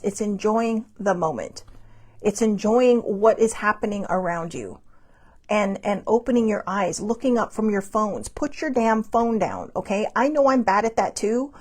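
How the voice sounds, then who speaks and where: A woman hosting a live stream, talking in a rambling, chatty way, blunt and upbeat, laughing often. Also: a little high. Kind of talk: casual chatty monologue. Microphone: phone or webcam on a live stream.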